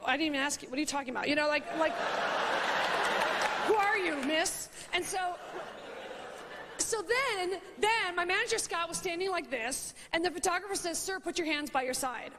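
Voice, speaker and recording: A woman in her thirties rambling through a funny anecdote in an animated, chatty way, full of "like" and "you know", laughing at her own story. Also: extremely high pitch, fairly quick, crowd noise. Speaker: comedian and talk show host. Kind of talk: comedic storytelling monologue.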